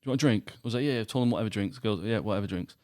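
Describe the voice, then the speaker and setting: A man, co-hosting a goalkeeper podcast and telling an animated night-out story with lots of acted quotes. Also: fairly low pitch, very fast, no echo, clean studio sound. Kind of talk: casual chat, telling a story.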